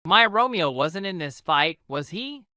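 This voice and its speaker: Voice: medium pitch, expressive, unhurried, bright, forceful tone, dry recording, studio quality, voice pushed up. A reader voicing an anxious noblewoman who worries about her son, in a storybook reading for English learners. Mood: worried. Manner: anxious, fussing.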